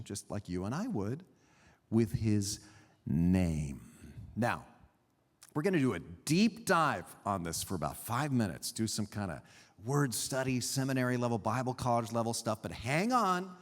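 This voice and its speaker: A man preaching a sermon as a pastor, teaching in an animated way with pauses and emphasis. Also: medium pitch, big-room sound. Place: church sanctuary.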